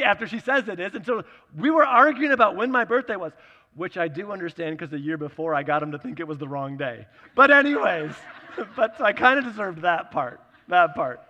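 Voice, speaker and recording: A man in his thirties preaching, telling a personal story in a chatty, animated way and acting out the dialogue. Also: high voice, in a large hall.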